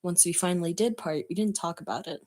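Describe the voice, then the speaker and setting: A woman's voice: fairly low pitch, fast talker, darkish tone. Streamer, woman, casual read-aloud, giggly, chats to viewers. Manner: giggly, breaks off to comment. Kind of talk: reading fan fiction aloud on stream.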